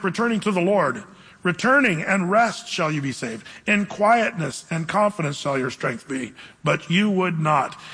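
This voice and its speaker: Male pastor, high husky voice, emphatic sermon, long hall reverb. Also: a bit bright. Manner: preaching with emphatic scripture reading and asides.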